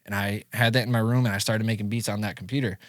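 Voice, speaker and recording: Speaking fast with no room sound in the recording, a man in his thirties from Syracuse, New York, a music producer and engineer, shares his story in a casual podcast interview. He brings past conversations to life, his voice jumping widely in pitch.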